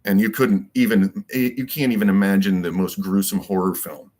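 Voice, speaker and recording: A man's voice: deep voice, fairly even intonation, moderate pace, warm tone. A man giving a rambling solo monologue as a commentator, emphatic and repetitive and full of rhetorical questions. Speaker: political commentator.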